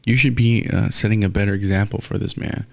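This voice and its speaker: A young man hosts his own podcast and rants in a casual, blunt, profane way. His voice sits fairly low and has a gravelly edge. The sound is close and dry, with little room around it. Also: brisk, no room sound. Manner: blunt, profane, animated ranting. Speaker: podcast host. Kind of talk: casual solo sports rant.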